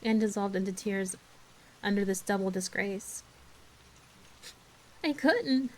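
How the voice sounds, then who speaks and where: A woman narrating a classic novel in a soft, even storytelling manner for an ASMR book reading. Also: mid-range voice, moderate pace, a little hiss or hum, low-quality recording. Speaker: ASMR reader.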